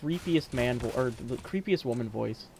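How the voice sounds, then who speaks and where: A man's voice: mid-range voice, lively intonation, moderate pace, darkish tone, low-quality recording. A man co-hosting a casual chat between friends, giving short, dry, teasing replies. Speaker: podcast co-host. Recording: clear background noise.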